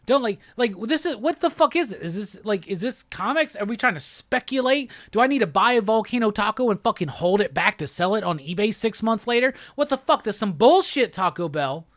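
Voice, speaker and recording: A man's voice: sits high, lively intonation, a little fast, few pauses, a bit bright, dry recording, studio quality. A man hosting a live pop-culture stream, ranting with lots of profanity and exasperation. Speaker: host.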